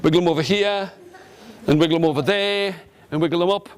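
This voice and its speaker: A middle-aged man telling an interactive story to a live audience, lively and animated, leading the listeners in call-and-response and gestures. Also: sits high, fast, clear, resonant tone. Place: large room with a live audience.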